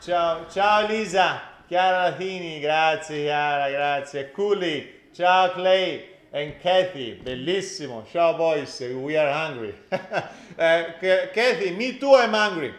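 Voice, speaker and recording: A man's voice: on the high side, takes it slowly, few pauses, fairly bright tone, reverberant. A man with an Italian accent hosting a live cooking class, joking and exclaiming in Italian.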